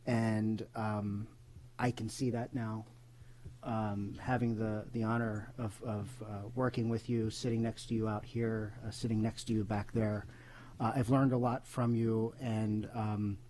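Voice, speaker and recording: A man's voice: fairly low pitch, flat delivery, measured pace, dark tone, a little hiss or hum. A man on a school board speaking at a public meeting, paying tribute hesitantly with many uhs and ums.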